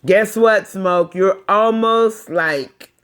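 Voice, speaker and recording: A woman's voice: medium pitch, extremely slow, fairly bright tone, clear, resonant tone. An older woman, a grandmother, coaxing and teasing her dog in a casual home video, laughing often.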